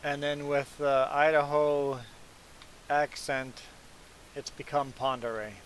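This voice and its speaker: A man's voice: fairly high pitch, little pitch movement, takes it slowly, slight background noise, low-quality recording. A man whose first language is not English, streaming a farming game and chatting casually and rambling to viewers. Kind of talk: casual chat while gaming.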